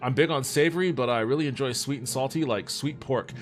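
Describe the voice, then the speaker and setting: On a livestream, a man with a mid-range voice riffs loosely with his viewers at a fairly quick clip, reading their messages aloud and answering them. He's laid-back and swears freely, with faint music playing softly behind him.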